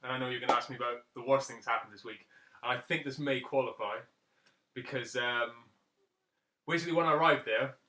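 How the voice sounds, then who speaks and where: A man's voice: medium pitch, brisk, pushed and bright, slight background noise. A man in his thirties chatting casually on a podcast and telling rambling anecdotes. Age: 30s. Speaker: podcast co-host. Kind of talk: casual chat. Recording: roomy echo.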